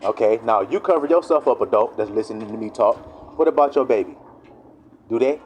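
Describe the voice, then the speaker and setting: A man giving a casual, animated preaching monologue who acts out the voices of the people he quotes. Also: medium pitch, fairly quick, slight background noise, rough recording. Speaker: online preacher.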